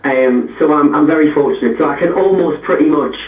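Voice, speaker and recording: A man's voice: on the high side, brisk, recorded from a distance. A young man with a Geordie accent, a pop singer chatting casually as a radio guest, with lots of fillers and restarts. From North East England. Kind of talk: radio interview by phone. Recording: tinny echoey phone line.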